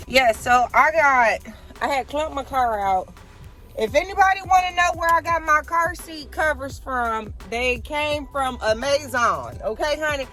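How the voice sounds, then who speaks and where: A woman vlogging on a phone, talking loud and profane as she calls her viewers y'all and honey. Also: high-pitched, a little slow. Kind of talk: casual vlog chat. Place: in a car and around a store.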